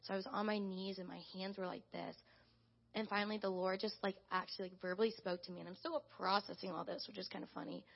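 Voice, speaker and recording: A young woman gives a chatty, animated testimony to her church, leaning on "like" as she talks. Her voice has a steady gravelly fry. The sound is dull and lo-fi. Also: mid-range voice, fast talker. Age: young adult. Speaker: church intern. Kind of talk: casual spoken testimony to a congregation.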